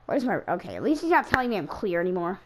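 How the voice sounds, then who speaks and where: A woman's voice: lowish voice, sing-song, racing, slight background noise. A woman giving casual, self-mocking running commentary while she plays a racing game, exclaiming whenever cars crash. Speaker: gaming YouTuber racing in an online league.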